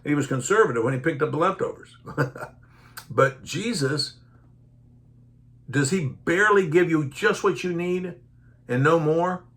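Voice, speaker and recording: A man's voice: fairly high pitch, a little slow, long pauses. A man preaching a Bible teaching sermon, reading verses aloud and then retelling them in folksy everyday speech, acting out the disciples' voices. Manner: animated, acts out the disciples' voices.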